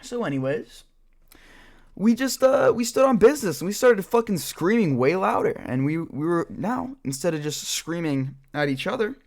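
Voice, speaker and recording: A man's voice: high voice, very animated, normal speed, vocal fry. Rambling, profane young man telling a story. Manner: rambling, profane, full of filler words. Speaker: storyteller vlogger. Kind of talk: casual story time while gaming.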